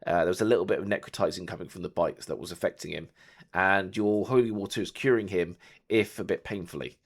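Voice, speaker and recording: A man's voice: deep voice, fast. A man acting as game master, explaining rules and scenes loosely with many fillers. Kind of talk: narrating a tabletop game.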